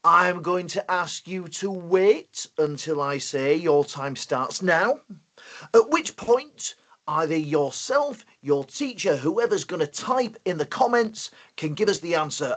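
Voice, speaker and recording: Energetic high-voiced male lesson host. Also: unhurried. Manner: energetic, upbeat, playful. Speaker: host and teacher. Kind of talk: live online lesson for schools.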